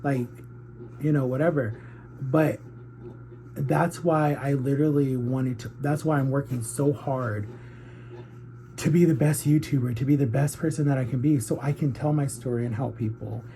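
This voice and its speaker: Earnest thirty-year-old man, mellow voice. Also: mid-range voice, fairly even intonation, normal speed, slight background noise. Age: 30s. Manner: candid, earnest, heartfelt. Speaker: YouTuber. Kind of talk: confessional vlog.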